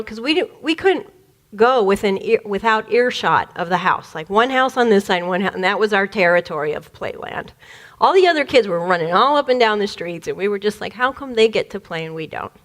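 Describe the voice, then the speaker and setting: A woman from the Detroit area, a spiritual speaker, telling a personal childhood story in an animated way, laughing often and acting out the voices. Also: medium pitch. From Detroit area, USA.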